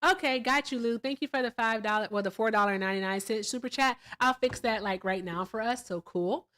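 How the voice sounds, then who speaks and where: A woman from Virginia hosting a casual livestream, animated and gushing as she thanks viewers, jumping between loud excitement and quiet asides. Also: on the high side, a little fast. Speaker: livestream host.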